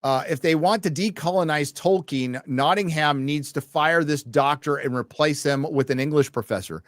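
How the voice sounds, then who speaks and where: A man's voice: on the high side, normal speed, dry recording, studio quality. A man hosting a casual late-night livestream, reading out viewer donations and rambling with wry, profane asides.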